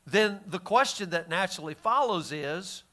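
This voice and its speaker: A man's voice: sits high, animated, normal speed, bright, forceful tone. A man teaching the Bible in a casual, folksy way, often restarting his sentences. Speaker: pastor.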